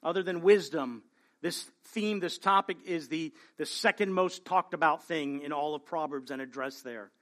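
A pastor with a slightly high, fairly bright male voice preaches a sermon at a moderate pace. His manner is earnest, and he regularly checks in with the congregation by asking "right?" after his points.

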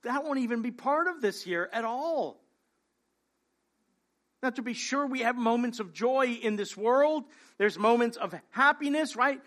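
High-voiced man preaching emphatically. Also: animated, a little slow, a bit bright. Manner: emphatic, conversational preaching with rhetorical questions. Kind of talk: sermon.

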